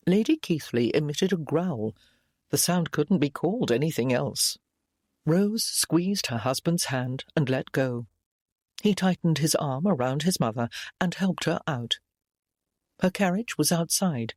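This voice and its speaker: A male audiobook narrator telling a period romance with an animated, lively melody. The recording is dry and close, with no room sound, and his manner is expressive and engaged. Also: on the high side, measured pace, no echo. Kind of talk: scripted narration.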